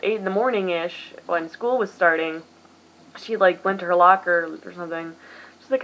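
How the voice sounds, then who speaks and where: A woman's voice: on the low side, normal speed, highs cut off. A tired young woman in her late teens from the US, rambling self-deprecatingly through a casual vlog as its host. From United States.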